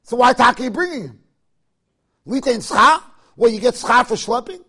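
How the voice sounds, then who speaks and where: A man's voice: very high-pitched, lively intonation, moderate pace, pauses often, bright, forceful tone, slightly rough. A man with giving a Torah lecture, chanting verses and making joking asides. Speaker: Torah teacher.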